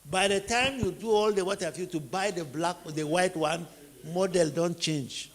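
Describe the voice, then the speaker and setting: A man's voice: high-pitched, normal speed, long reverb tail. A man with a Nigerian accent, teaching in sermon style and driving his points home with rhetorical questions and repeated phrases. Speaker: teacher preaching on family life.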